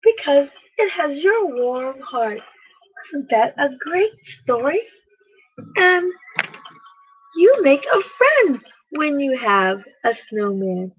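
A woman reading a bedtime story aloud, gently speaking to the children listening. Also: high-pitched, very animated, dull audio. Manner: slow, gentle, addresses children directly.

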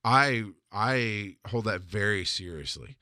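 A man hosting a podcast, talking through listener questions in a blunt, intense way, swearing freely and slowing down hard on the points he wants to land. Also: fairly low pitch, animated, sharp tone, no echo, clean studio sound. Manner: emphatic, slows down on hard points. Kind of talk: casual monologue.

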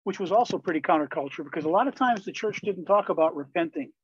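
High-voiced older man telling stories. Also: fast talker, slightly rough, no room sound. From Wisconsin, USA. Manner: lively, candid anecdotal telling. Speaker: guest, Christian musician and pastor. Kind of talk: storytelling in a conversational interview. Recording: slightly dull, lo-fi sound.

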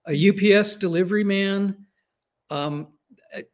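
A man's voice: high voice, a little slow. A man appearing as a guest on an astrology show, speaking in a thoughtful, chatty way and repeating words as he works out his ideas. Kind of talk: casual chat.

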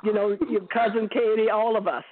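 A woman's voice: medium pitch, little pitch movement, fairly quick, no echo. A woman calling in to a radio chat as the author's aunt, proud and chatty, rambling a little. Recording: dry tinny phone line.

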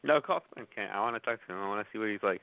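A man's voice: lowish voice, rapid-fire, gravelly, no room sound. A man co-hosting a podcast, chatting casually and dismissively. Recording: tinny phone-like dry sound.

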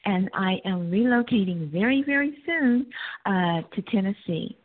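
A woman's voice: mid-range voice, animated, normal speed. A woman in her sixties calling in to a psychic show, hesitant and full of fillers. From United States. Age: 60s. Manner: hesitant, many fillers, giggly. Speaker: caller. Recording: tinny phone line.

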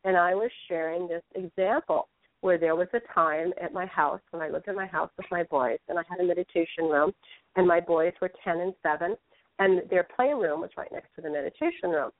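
A woman's voice: lowish voice, fairly quick, no echo. Earnest woman storyteller on a phone-like line. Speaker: spiritual teacher, guest. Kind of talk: casual radio interview talk. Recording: phone-like narrow dry sound.

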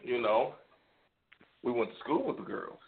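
A man's voice: medium pitch, very animated, measured pace, a little hiss or hum. A man on a radio show telling a story in casual chat, rambling and profane, with many restarts. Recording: tinny phone-like sound.

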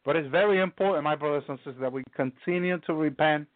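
A man preaching a live testimony, halting and restarting often and peppering his talk with hallelujah. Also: on the high side, dry recording. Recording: tinny phone-line sound, dry.

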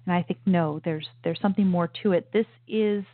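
A woman hosts a political commentary show, speaking opinionatedly and emphatically with frequent restarts and asides. Her voice is fairly low and a little fast, and the dry recording has a tinny, phone-like sound with no room tone.

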